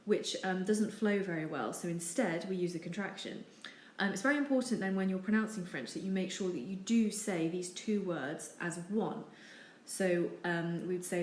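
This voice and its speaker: A woman teaching over slides, with a steady, patient delivery and frequent ums. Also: fairly low pitch, moderate pace. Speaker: French teacher. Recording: echoey room with faint noise.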